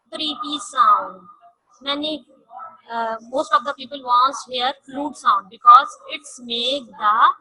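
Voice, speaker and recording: A woman teaching a science lesson to young children, repeating each point slowly and stressing key words, in English with non-native grammar. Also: sits high, sharp tone, slightly rough, poor audio. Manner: slow, repetitive, emphatic teaching.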